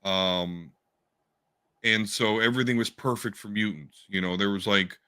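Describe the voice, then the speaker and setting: Bright-voiced, fairly low man chatting. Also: measured pace, smooth. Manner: rambling comic-book fan talk, swears casually. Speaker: podcast co-host. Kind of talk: casual chat.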